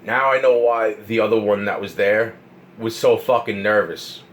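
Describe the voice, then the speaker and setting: Profane, excitable man telling a story. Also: on the low side, moderate pace, rough recording. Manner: profane, excitable, repeats himself. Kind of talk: rambling personal storytelling.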